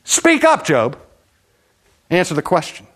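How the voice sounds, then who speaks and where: A preacher putting on God, stern and commanding. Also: male voice, mid-range voice, lively intonation, a little slow, close to an everyday voice. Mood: demanding. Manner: commanding, rebuking, rhetorical questioning. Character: God, stern all-powerful male voice.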